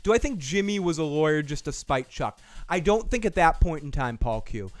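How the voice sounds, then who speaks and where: A man hosting a podcast review livestream, rambling and excitable, swearing casually and answering chat comments. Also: a little high, a little fast, dry recording. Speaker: podcast host reviewing a TV episode.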